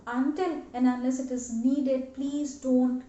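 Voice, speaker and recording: A young woman with a high voice teaches body language, speaking earnestly to the camera and showing each gesture. The sound is dull and lo-fi, in a roomy space. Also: level tone, slow, dark tone. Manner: earnest, demonstrates gestures while talking. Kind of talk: instructional talk to camera.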